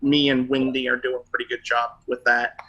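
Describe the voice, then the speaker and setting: A young man hosting a casual online interview, enthusiastic and quick to agree. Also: mid-range voice, little pitch movement, pushed and bright, lo-fi sound. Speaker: interview host.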